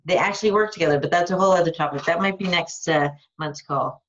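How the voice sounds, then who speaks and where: Woman life coach, lower register, upbeat and blunt with casual swearing, dull lo-fi call audio. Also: quick pace. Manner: enthusiastic, frank, swears casually. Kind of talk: live coaching call, answering a listener's question. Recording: dull lo-fi recording.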